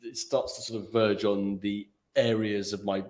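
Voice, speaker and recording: A man in a meeting room, chatting casually about tech in a rambling, playful way full of halting restarts. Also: fairly low pitch, level tone, a little mellow. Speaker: guest, tech industry worker. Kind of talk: casual chat.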